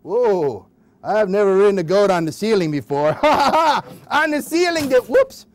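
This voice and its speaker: A man voicing an excitable puppet dog that yelps and exclaims giddily. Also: sits high, unhurried. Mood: excited. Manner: yelping, giddy exclamations.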